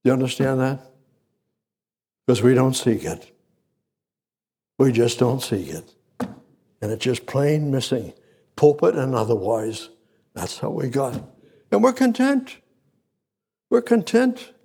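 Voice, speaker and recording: Preacher guy, gravelly and husky, keeps repeating stuff and jumping up loud. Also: sing-song, a little slow, pauses often. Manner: repetitive, emphatic preaching with sudden loud high rises. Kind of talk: sermon.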